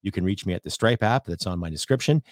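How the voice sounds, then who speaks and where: A man's voice: low voice, expressive, fast talker, no echo, studio quality. A middle-aged man from Canada with a Canadian accent, hosting a podcast in a blunt, profane, ranting manner. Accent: Canadian English. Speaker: podcast host. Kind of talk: opinionated solo podcast monologue.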